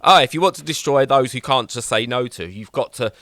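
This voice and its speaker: Man doing a fitness guru, over-the-top positive, bright and punchy tone. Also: medium pitch, a little fast, no echo, clean studio sound, close to an everyday voice. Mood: pumped up. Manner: pumped-up, pushy positivity.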